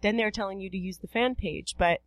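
A woman's voice: mid-range voice, fairly quick, no echo. A woman guesting on a podcast, chatting frankly about her experiences. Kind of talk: casual chat.

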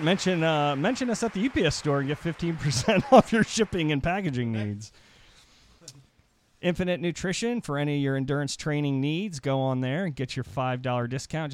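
A man hosting a podcast in casual chat, reading sponsor spots in an easygoing, halting way into a studio mic. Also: medium pitch. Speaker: podcast host.

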